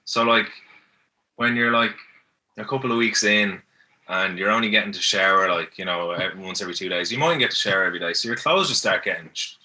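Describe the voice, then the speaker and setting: Irish guy guesting on a podcast, easygoing, rambly, lowish voice, sharp bright tone. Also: a little fast. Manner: easygoing, rambling, restarts often. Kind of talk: casual chat, telling stories. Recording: mic at a distance.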